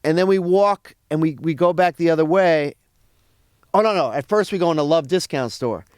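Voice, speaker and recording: A man's voice: on the high side, normal speed, clean tone, no room sound, clean studio sound. A man, a comedian guest telling a profane story in casual chat and acting out what others said. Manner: animated, profane, acts out other people's lines.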